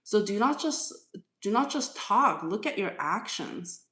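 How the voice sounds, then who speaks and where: A woman's voice: medium pitch, big pitch swings, a little slow, a bit bright. A woman tarot reader on a live stream, firmly lecturing a commenter and repeating her points. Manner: firm, lecturing, repeats herself. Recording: echoey room.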